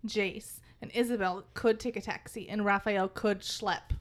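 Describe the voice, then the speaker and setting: A woman's voice: mid-range voice, fairly even intonation, unhurried. A woman co-hosting a casual podcast chat, playful and laughing as she jokes. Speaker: podcast co-host.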